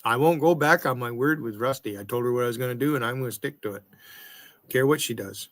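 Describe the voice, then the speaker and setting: A man's voice: medium pitch, quick pace, a bit bright, no room sound, clean studio sound. A man hosting his own livestream, talking crude and confrontational, swearing at chatters. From United States. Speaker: livestream host. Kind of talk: casual livestream chat.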